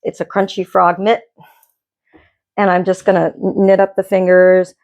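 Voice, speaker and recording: A woman's voice: on the low side, level tone, a little slow, darkish tone, muffled recording. A woman hosting a knitting podcast, chatting casually from her home dye studio in a rambling way, often restarting her sentences. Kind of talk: casual chat.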